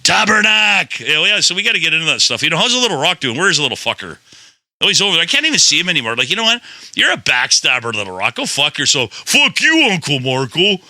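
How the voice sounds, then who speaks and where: A man's voice: on the high side, big pitch swings, racing, sharp tone, dry recording. A man hosting a podcast in rambling, playful, swearing casual chat. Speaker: podcast host.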